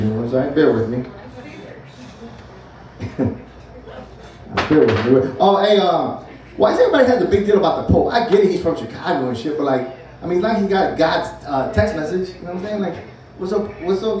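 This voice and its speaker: A man in his forties doing a loose, profane stand-up set, chatting with the crowd between bits. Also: high-pitched. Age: 40s. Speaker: stand-up comic. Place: comedy club stage. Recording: echoey club from far off, crowd laughing. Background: audience laughter.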